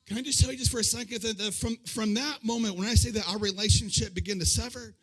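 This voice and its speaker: A man preaching a sermon as pastor, impassioned, rising to shouts, often stumbling and restarting his sentences. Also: high voice, quick pace, slightly rough.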